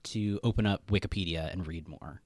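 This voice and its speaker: A man's voice: low voice, normal speed, dry recording. A man co-hosting a podcast, rambling casually about movies and acting out lines. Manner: rambling, fillers, acts out quotes. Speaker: podcast co-host. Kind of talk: casual film discussion.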